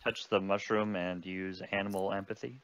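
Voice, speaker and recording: A man's voice: sits low, level tone, moderate pace, a bit bright, smooth, no room sound. A man playing a tabletop role-playing game, hesitant with fillers. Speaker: player.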